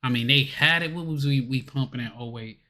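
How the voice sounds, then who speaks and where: A man's voice: mid-range voice, brisk, sharp tone. A man chatting as co-host on a political talk show in a laid-back, slangy, rambling way. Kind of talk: casual chat.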